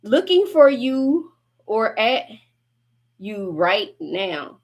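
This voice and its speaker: A woman's voice: on the high side, big pitch swings, drawn-out words. Blunt, chatty woman tarot reader. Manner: blunt, profane, chatty, laughs often. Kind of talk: casual livestream collective reading.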